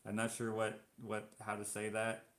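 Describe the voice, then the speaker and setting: A man's voice: on the low side, completely flat delivery, moderate pace, fairly bright tone. A Canadian man hosting a live stream, chatting casually as he reads out viewer comments and reacts to them. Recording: roomy echo.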